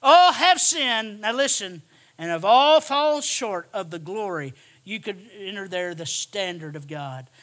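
A man preaching a sermon, emphatic and repetitive, swinging from hushed asides to shouted lines. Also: high voice, animated, measured pace.

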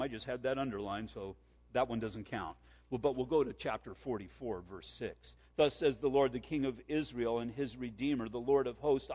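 A man preaching a sermon and reading scripture aloud, emphatic, repeating key points and slowing down for verses. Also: medium pitch, a little mellow, in a large hall. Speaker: pastor.

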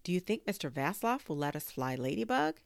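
A woman voicing an excitable young girl in a storybook reading, asking eager questions. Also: fairly low pitch, brisk, creaky, no room sound, clean studio sound, voice pushed up.

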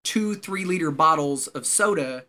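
A man, a former Marine, telling a story in casual chat, animated and profane, often laughing as he talks. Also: a little high, moderate pace.

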